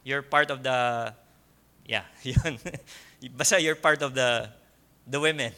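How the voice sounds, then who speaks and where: A man with a Filipino accent preaching a sermon in a church, slow and emphatic, repeating key points and laughing softly now and then. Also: medium pitch. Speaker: pastor.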